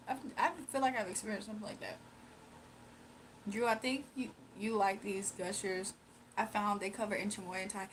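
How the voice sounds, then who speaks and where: A woman with a medium-pitched, somewhat bright voice talks fairly quickly in a steady tone, with slight background noise. Hosting a casual livestream, she chats playfully with viewers, reads their comments and laughs often.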